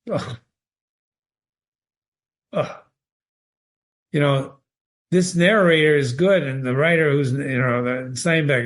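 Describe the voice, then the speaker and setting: A man reading passages from a short story aloud and analyzing them, stopping often to put rhetorical questions to his listeners. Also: medium pitch. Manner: animated, questioning, stops to quote the text and ask rhetorical questions. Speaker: literature teacher.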